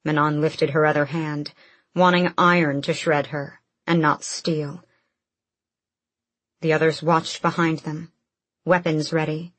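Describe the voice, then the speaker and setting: A woman narrating a fantasy audiobook in a measured, steady storytelling manner. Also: low voice, no echo.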